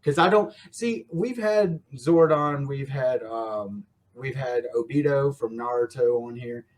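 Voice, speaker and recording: Chill podcast host dude, friendly, kinda rambly, average pitch. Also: male voice, a little slow. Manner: friendly, rambling, laughs often. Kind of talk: casual podcast chat.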